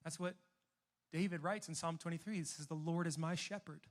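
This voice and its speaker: A young man preaching a sermon as a youth pastor, telling stories and moving between emphatic and hushed delivery. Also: fairly high pitch, steady tone, fairly quick. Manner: storytelling, shifts between loud emphatic and soft hushed.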